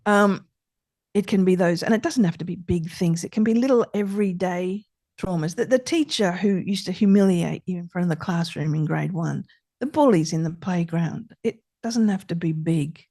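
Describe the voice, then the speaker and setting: A middle-aged woman therapist talking as a podcast guest, expressive and emphatic, repeating her key points. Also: fairly low pitch, normal speed, no echo, clean studio sound. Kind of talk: conversational podcast interview.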